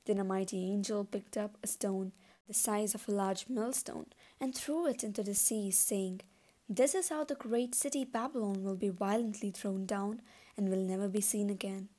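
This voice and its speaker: Woman with a mellow voice reading scripture. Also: medium pitch, moderate pace. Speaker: Bible reader.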